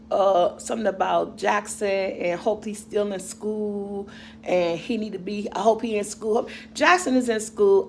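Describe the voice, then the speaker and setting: A woman's voice: medium pitch, slight background noise. A middle-aged woman vlogger and mother, chatting casually and rambling to her viewers about their comments, laughing often.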